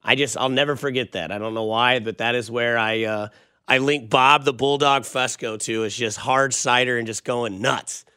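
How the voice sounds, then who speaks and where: A man's voice: mid-range voice, steady tone, moderate pace, pushed and bright, clean tone, dry recording, studio quality. A young man hosting a sports radio show, chatting and telling rambling stories in a casual way. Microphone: studio microphone.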